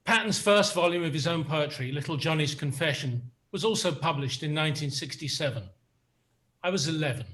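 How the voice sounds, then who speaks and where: A man's voice: on the high side, a bit bright. Dry-witted English man in his sixties. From England, south of London. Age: 60s. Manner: dry, wry asides between poems. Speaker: guest poet reading. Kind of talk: poetry reading.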